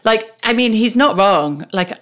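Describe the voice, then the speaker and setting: A woman's voice: mid-range voice, animated, a little slow, fairly bright tone. A woman co-hosting a podcast, chatting casually and effusively about reality TV. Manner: chatty and effusive, with frequent fillers. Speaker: podcast co-host.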